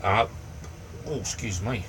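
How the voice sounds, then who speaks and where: Laid-back Australian man, low voice. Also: a little slow, a bit bright. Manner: rambling, easygoing, full of ums and "mate". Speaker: livestream host. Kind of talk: casual live chat with viewers. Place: inside a small camper van. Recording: distant mic, faint fan hum. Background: fan running.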